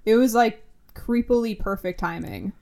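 A woman's voice: a little high, moderate pace, vocal fry, warm tone. A woman chatting casually as a podcast co-host, telling a story with lots of laughter and swearing. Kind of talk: casual chat.

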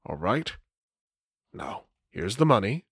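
A man voicing a proud, corpse-like male vampire dealer who talks low, curt and dismissive. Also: big pitch swings, takes it slowly, husky, no room sound, clean studio sound, heavily acted.

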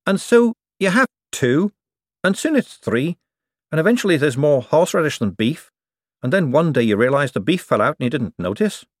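A man reading an audiobook, voicing a brisk, outspoken young woman with a quick, wry delivery. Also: deep voice, sing-song, dry recording, studio quality, voice pushed up.

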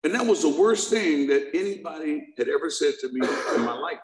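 A middle-aged man with a fairly high, animated voice speaks a little fast, joking and quizzing a live audience as he tells a funny story about his own recovery. A crowd can be heard behind him, and the room sounds echoey.

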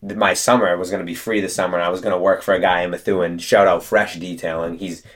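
A young man talks casually in an interview, his voice sitting very low. He rambles through his story with plenty of "um" and "you know". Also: little pitch movement, fast. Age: 20s. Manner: chatty, storytelling with many fillers. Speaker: guest, detailing business co-owner.

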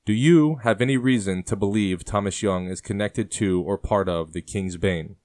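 A man voicing a young male colonial assassin, speaking calmly and with menace. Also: on the low side, normal speed, dry recording, studio quality, lightly acted. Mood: cold menacing. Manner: calm and menacing in threats.

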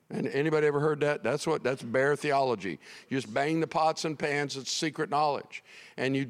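A middle-aged male pastor telling a comic story in a sermon, animated and prone to sudden shouts. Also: on the high side, normal speed, big-room sound.

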